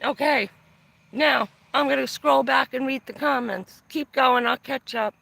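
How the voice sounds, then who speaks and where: Her voice sits high, creaky and a bit bright, with no echo, as a woman rants on a live stream from a van, filming on her phone. Though her pace is measured, she swears heavily and sounds furious, aggravated and aggrieved.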